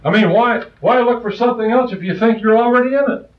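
A man preaching a sermon with passion, his voice swinging between loud rises and soft, quiet asides. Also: extremely high pitch, fast talker. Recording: distant, roomy, muffled old recording.

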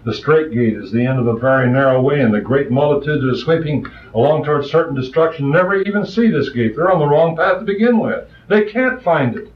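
A man preaching a sermon with passion, his voice swinging between loud rises and soft, quiet asides. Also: fairly high pitch, lively intonation, a little fast, few pauses. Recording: distant, roomy, muffled old recording.

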